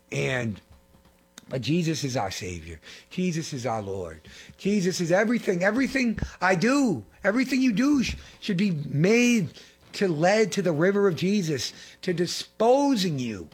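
A middle-aged man preaching a fervent sermon, repeating phrases and swinging between loud and hushed. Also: high voice, sing-song, normal speed, slightly rough. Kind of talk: impassioned sermon.

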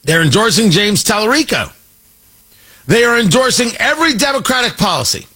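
Husky, lively political commentator man. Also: sits high, fairly quick. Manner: emphatic and sarcastic, repeats points for effect.

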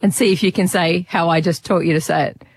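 A woman's voice: lowish voice, fairly even intonation, fast talker, husky. Teasing, encouraging radio co-host woman. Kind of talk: casual radio chat.

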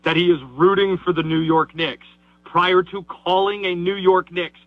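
A man who is a guest on a sports radio show, calling in while driving, giving a forceful, ranting opinion with a slightly raspy voice and lots of repetition. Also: high voice, level tone, normal speed, no room sound, muffled recording. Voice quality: raspy in the morning. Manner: emphatic, ranting, repeats himself. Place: driving in a car.

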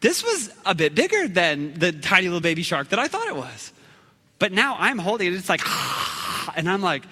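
A man preaching a storytelling sermon, animated and dramatic, with sudden shouts. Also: high-pitched, slow, slightly rough, big-room sound.

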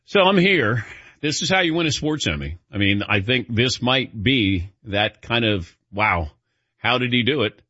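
A man hosting a sports radio show, spinning a self-deprecating story with plenty of animation. His voice is a little husky and sits close and dry on the mic. The sound is slightly dull. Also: medium pitch, animated, measured pace, pushed and bright, no room sound. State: lightheaded. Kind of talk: casual chat, storytelling.

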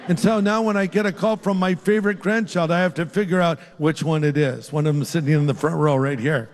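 An older man preaching a sermon and leading an altar-call prayer, earnest and pleading, rising on key phrases and dropping soft to pray. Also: fairly high pitch, fairly quick. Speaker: pastor. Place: large church hall with a live congregation. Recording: long hall reverb.

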